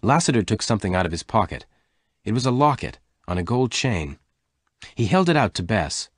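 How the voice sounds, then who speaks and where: Low husky guy reading a story for learners, slow and plain. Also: sing-song, dry recording, clean studio sound. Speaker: narrator. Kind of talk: scripted story narration for learners.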